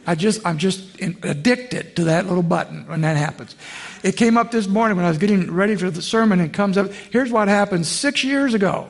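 A male pastor preaching a sermon in a conversational way, asking the congregation questions and dropping low and quiet on emotional phrases.

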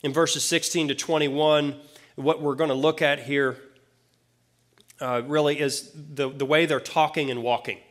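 A man with a somewhat high voice preaching a sermon. He talks to his listeners in a plain-spoken, conversational way and drops casual asides as he explains the scripture. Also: flat delivery, a little slow. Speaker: pastor.

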